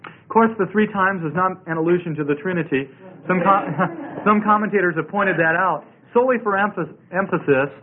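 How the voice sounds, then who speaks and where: A man's voice: sits high, normal speed, a crowd in the background. A man teaching a Bible study in a sermon style, emphatic and repeating his key words. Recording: tinny phone-like radio broadcast.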